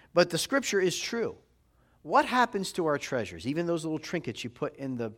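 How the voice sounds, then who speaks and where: A middle-aged man preaching a sermon as a rabbi, talking conversationally to the congregation and often asking "right?". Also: fairly high pitch. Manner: conversational preaching, frequent tag questions.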